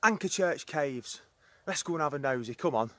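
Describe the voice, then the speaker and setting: A man's voice: a little high, animated, normal speed, bright, forceful tone. A man, chatting and rambling with curiosity as he walks outdoors filming a local history tour. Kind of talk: casual walking tour narration. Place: outdoors on a woodland trail and in caves.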